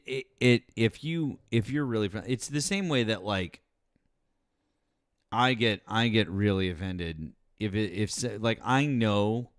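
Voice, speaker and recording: A man's voice: fairly low pitch, smooth, no room sound, clean studio sound. A man co-hosting a casual political chat, blunt and full of swearing and hesitant fillers. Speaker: co-host.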